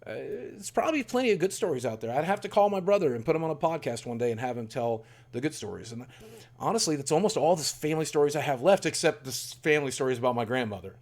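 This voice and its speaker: A man's voice: fairly high pitch, expressive, quick pace, a little mellow. A man in his forties telling a candid, rambling personal story in a self-deprecating way. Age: 40s. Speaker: YouTuber.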